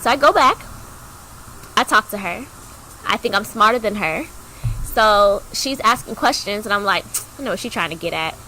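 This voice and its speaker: A young woman co-hosting a podcast, telling a personal story in a chatty way, acting out the voices of people in it with big jumps in pitch. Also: normal speed, a little hiss or hum, poor audio. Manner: animated, acts out quoted dialogue with big pitch jumps; chatty, heavy use of "like" fillers. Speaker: podcast co-host.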